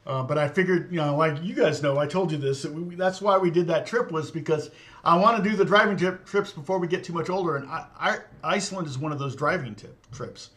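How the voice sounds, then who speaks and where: A man's voice: fairly high pitch, fairly quick, fairly bright tone. A middle-aged man from Indiana hosting a livestream in casual chat, rambling and answering viewer comments with frequent chuckles. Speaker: livestream host.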